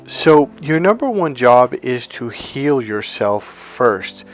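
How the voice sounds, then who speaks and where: A man speaking as a life coach in an emphatic motivational monologue, blunt and forceful, swearing for emphasis and acting out other people's lines in a raised voice. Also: mid-range voice, big pitch swings, slow pace, faint music behind.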